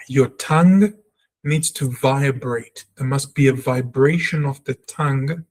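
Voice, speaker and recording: A man giving a spoken language lesson, talking earnestly and reflectively, and repeating sounds slowly to show how they are said. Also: medium pitch, a little mellow. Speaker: Hebrew teacher.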